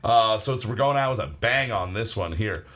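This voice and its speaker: A man with a fairly low voice co-hosts a podcast in a loose, swearing, chatty way. He keeps restarting his sentences as he talks. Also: animated, moderate pace, a bit bright. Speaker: podcast co-host. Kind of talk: casual podcast chat.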